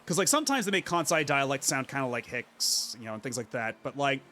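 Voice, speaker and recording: Chatty, bright-voiced male streamer. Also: medium pitch, lively intonation, quick pace, slight background noise. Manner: rambling, chatty, lots of fillers. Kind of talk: casual gaming commentary.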